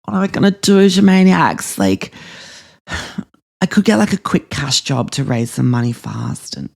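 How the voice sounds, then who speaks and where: A man's voice: a little high, very animated, measured pace, vocal fry, darkish tone, heavily acted. A man voicing a spoiled, dramatic young Australian woman who gushes, gasps and swears through a comedy podcast monologue. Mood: whiny. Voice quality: gushing, breathless, swears constantly, lots of gasps. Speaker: podcast host character.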